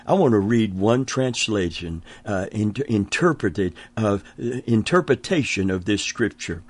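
A man's voice: lowish voice, lively intonation, measured pace, hardly any pauses, dry recording. An older man preaching a sermon, stressing key phrases by repeating them and chuckling now and then. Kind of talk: sermon teaching.

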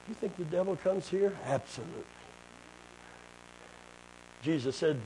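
A man preaching a sermon, calling for amens and building up to shouting. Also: on the high side, animated, measured pace, long pauses, slight background noise. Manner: call-and-response, building to shouting.

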